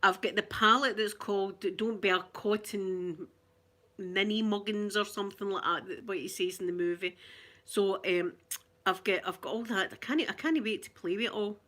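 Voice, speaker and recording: A woman's voice: medium pitch, moderate pace, a bit bright. A Glaswegian woman hosting a casual live chat, chatty and rambling, laughing often. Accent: Glaswegian Scottish. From Glasgow, Scotland.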